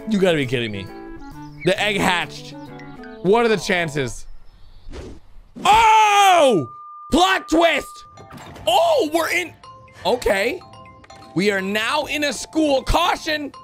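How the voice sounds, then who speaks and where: A young man hosting a gaming channel, giving excitable reaction commentary with lots of exclamations and "bro". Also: extremely high pitch, slow pace, long pauses, soft background music. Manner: animated, exclaiming, calls viewers bro.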